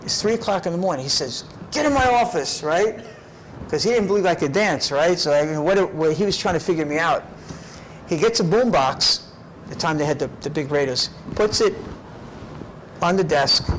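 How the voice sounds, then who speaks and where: A middle-aged man telling his life story in an interview, animated and often tagging his lines with "right?". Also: on the high side, moderate pace, slight background noise, low-quality recording. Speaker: documentary subject.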